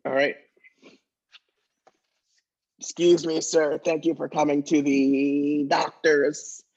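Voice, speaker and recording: A man's voice: on the high side, little pitch movement, slow, darkish tone, dull audio. A man acting a nervous doctor in a comedy sketch, hesitant and stammering, breaking into laughter.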